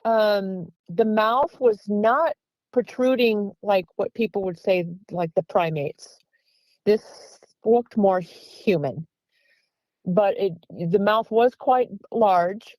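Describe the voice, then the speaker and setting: A woman's voice: medium pitch, slow pace, a little mellow, dry recording, poor audio. A woman guest earnestly telling a long encounter story, acting out the quoted voices of the people in it. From Pennsylvania. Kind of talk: recounting an encounter.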